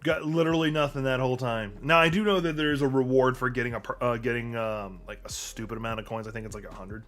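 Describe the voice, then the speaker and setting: A man's voice: mid-range voice, quick pace, a bit bright, faint music behind. Rambling, offhand let's play man. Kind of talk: casual gameplay commentary.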